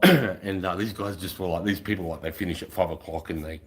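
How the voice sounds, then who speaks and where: A man with a very low voice tells a crude, boastful story full of swearing. His delivery is casual and swaggering, like a rowdy anecdote told among mates. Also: fairly even intonation, a little fast.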